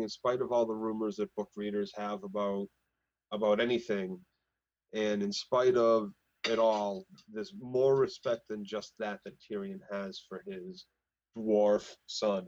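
Man, podcast co-host, casual recap chat, animated, acts out scenes, slightly lo-fi. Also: on the low side, measured pace, dry recording.

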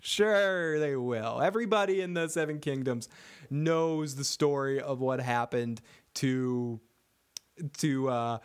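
A man's voice: mid-range voice, clean tone. A man hosting a casual TV recap show, joking and swearing as he rambles and reads chat comments. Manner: profane, joking, rambling with frequent laughs. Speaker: podcast host reading chat comments.

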